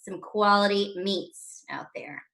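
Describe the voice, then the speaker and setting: A woman performing a raunchy stand-up set over a video call, telling stories in a brash, animated way. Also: mid-range voice, slow, vocal fry. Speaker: stand-up comedian.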